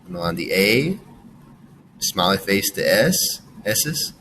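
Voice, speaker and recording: Here a man with a lowish, sing-song, sharp-toned voice gives young students a phonics lesson over slight background noise on a rough recording. Slowly and with praise, he sounds out the letters one by one and takes the class through each word.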